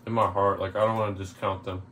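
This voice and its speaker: A man's voice: low voice, flat delivery, fast, fairly bright tone, slight background noise. A young man from Toronto, co-hosting a casual mukbang, laid-back and joking, rambling with lots of fillers. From Toronto, Canada. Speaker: co-host. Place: indoors, sitting on the floor.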